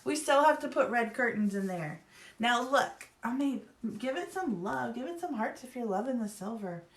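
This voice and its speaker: A woman's voice: fairly high pitch, lively intonation, normal speed. Chatty woman hosting a craft livestream. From Virginia, US. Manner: chatty, rambling, upbeat, says "y'all" and "like". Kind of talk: casual live craft demo chat. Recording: roomy echo.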